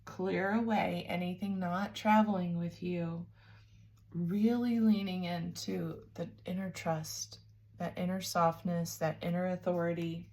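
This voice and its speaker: A woman giving a spiritual tarot reading, talking softly and warmly to the listener, calling them babes and sounding emotional and teary. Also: lowish voice, fairly even intonation, unhurried. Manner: soft, nurturing, calls listener babes. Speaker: tarot reader.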